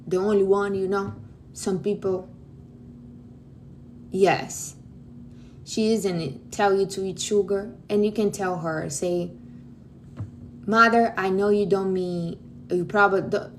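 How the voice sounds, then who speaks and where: A woman's voice: mid-range voice, slight background noise. A woman from Brazil with a Brazilian accent, hosting a livestream and giving blunt, outspoken advice to her viewers, calling them honey. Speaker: livestream host. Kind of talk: casual direct advice to viewers.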